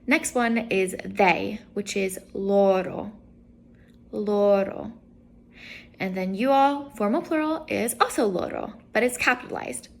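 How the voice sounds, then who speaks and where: A young woman teaching an Italian lesson, explaining patiently and repeating each example word clearly. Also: mid-range voice, a little slow, few pauses. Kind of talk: online language lesson.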